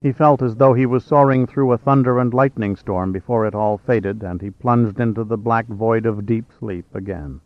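A man's voice: lowish voice, fairly even intonation, moderate pace, hardly any pauses, no echo. Man reading a novel aloud steadily. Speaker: audiobook narrator. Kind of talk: scripted narration. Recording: slightly dull, dry.

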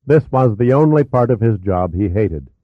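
A man with a low voice reads a thriller aloud at a steady, even pace. The recording is dry and close. It is also thin and phone-like. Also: moderate pace, no echo. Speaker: narrator. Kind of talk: audiobook narration. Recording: tinny narrow-band audio.

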